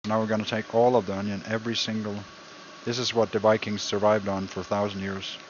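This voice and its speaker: A man's voice: on the low side, flat delivery, fast. Man, casual cooking stream, rambling and jokey, muffled recording, noisy background. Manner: rambling, jokey, repeats himself. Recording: dull lo-fi sound with background noise.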